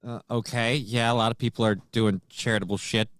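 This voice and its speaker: A man's voice: medium pitch, steady tone, fairly quick, fairly bright tone, no room sound. A man co-hosting a talk show, chiming in with short, dry interjections. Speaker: co-host. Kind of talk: casual chat.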